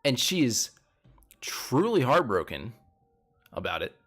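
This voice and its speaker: A young man chatting casually as he recaps a TV episode, retelling events animatedly and jumping up in pitch when quoting people. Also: very animated, takes it slowly, a bit bright. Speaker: show recap host.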